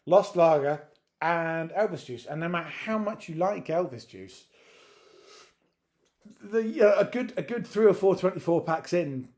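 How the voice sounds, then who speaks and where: A man's voice: a little high, animated, unhurried, darkish tone. A man co-hosting a casual chat, rambling and correcting himself as he jokes along. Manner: rambling, self-correcting, jokey. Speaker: co-host.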